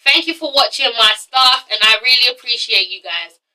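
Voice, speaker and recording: A woman's voice: a little high, normal speed, pushed and bright, far from the mic, low-quality recording. A woman from London with a London accent, chatting bluntly and swearing freely in a casual review vlog while she has a cold and cough. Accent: London English. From London, England. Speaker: vlogger reviewing TV shows.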